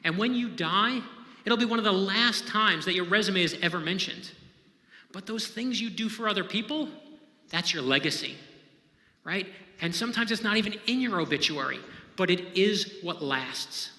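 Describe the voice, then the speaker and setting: A novelist gives an inspirational storytelling talk, conversational and emphatic, frequently checking in with his audience. His high voice is animated, bright and forceful at a moderate pace, and the echoey hall adds long reverb.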